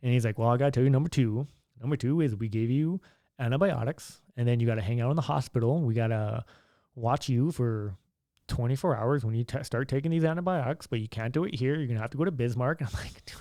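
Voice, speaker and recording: A man's voice: medium pitch, brisk, mellow, no echo, clean studio sound. A young man telling a story in a laid-back, chatty way, acting out what others said. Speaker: vlogger. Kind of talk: casual storytelling.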